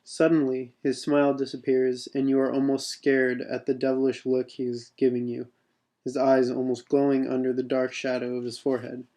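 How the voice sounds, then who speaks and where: A man's voice: mid-range voice, monotone, normal speed, warm tone. A man reading his own second-person adventure text aloud, unpolished, with spoken asides.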